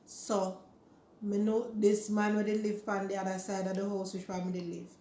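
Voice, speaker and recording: A woman's voice: medium pitch, level tone, moderate pace, dark tone, reverberant, a little hiss or hum. A woman with a Jamaican accent, retelling a story in casual chat and slipping into Jamaican Creole. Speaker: vlogger.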